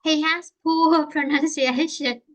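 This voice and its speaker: Vietnamese-accented woman teaching english online, high voice, says things twice to make them stick. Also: steady tone. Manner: explains slowly in simple English, repeats herself.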